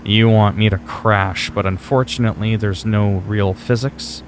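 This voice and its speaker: A male game streamer talks casually through his live gameplay in a fairly low, steady voice, a little slow. He tosses wry, offhand replies and mild curses at his chat, with a faint hum beneath him.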